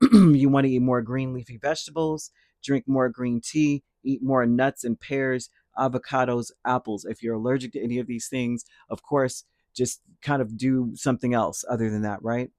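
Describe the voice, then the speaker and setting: A man talks through a spiritual reading in a casual, meandering way, often correcting himself and tossing in little check-ins. His voice sits at an everyday middle pitch, recorded close and dry with no room sound. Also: steady tone, normal speed, a little mellow, no room sound. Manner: rambling, self-correcting, tags lines with "right?". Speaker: tarot reader.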